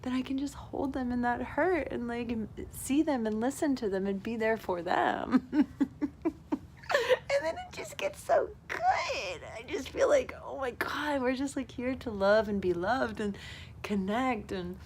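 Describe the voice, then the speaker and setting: A woman's voice: on the high side, normal speed, darkish tone, a little hiss or hum. A woman vlogging in a casual, confessional monologue, rambling and effusive with lots of "like", often laughing as she talks. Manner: rambling and effusive, heavy use of "like"; laughs often while talking.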